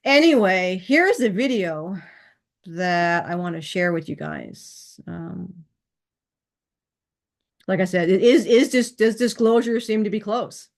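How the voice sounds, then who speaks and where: A woman's voice: mid-range voice, expressive, slow. Chatty woman telling a rambling story. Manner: chatty, rambling, with frequent fillers and acted-out quotes. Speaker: channel host. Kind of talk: casual storytelling to camera.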